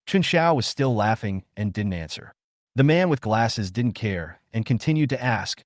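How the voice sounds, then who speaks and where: A man narrating a comic story as a steady, scripted read. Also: on the low side, moderate pace, no echo, studio quality.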